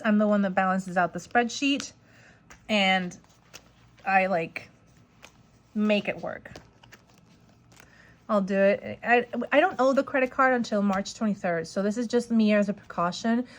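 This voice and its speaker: A woman in her forties chatting casually on a budgeting vlog, rambling and excited, with a lot of "like" fillers. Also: medium pitch. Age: 40s. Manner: rambling and excited, heavy use of "like". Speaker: budgeting vlogger. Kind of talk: casual chat.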